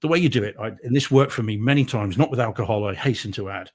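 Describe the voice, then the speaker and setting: A man's voice: on the low side, quick pace. A man with an English accent, co-hosting a casual podcast chat and laughing often. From England. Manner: chatty, laughs often, frequent restarts. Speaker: co-host.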